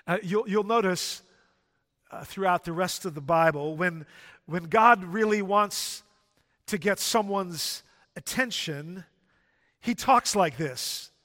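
Man preaching, high for a man, slow and deliberate, emphatic repetition. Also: pushed and bright. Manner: emphatic, repetitive rhetorical build-up. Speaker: pastor. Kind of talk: sermon. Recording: long hall reverb.

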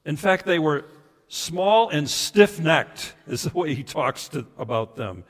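Earnest pastor preaching in a hall. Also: male voice, on the high side, animated, takes it slowly. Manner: earnest, emphatic preaching that drops to soft, intimate asides. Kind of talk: sermon. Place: church sanctuary. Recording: reverberant hall sound.

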